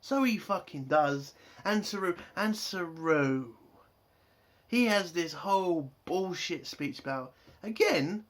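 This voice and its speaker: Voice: medium pitch, animated, takes it slowly. A TV reviewer, ranting angrily and swearing constantly about a show. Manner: angry, profane, exasperated ranting.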